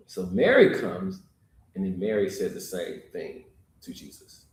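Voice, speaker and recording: Male preacher, mid-pitched, very lively delivery, casual "y'all" storytelling, echoey room. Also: moderate pace. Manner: animated, acts out quotes with jumps in pitch and chuckles; colloquial, uses "y'all". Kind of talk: informal sermon retelling scripture.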